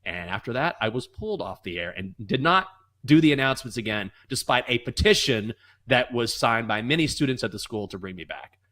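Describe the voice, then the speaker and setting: Male co-host, mid-pitched, animated storyteller who slips into voices. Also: brisk. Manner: animated, acts out voices in anecdotes. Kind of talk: casual storytelling and sports betting chat.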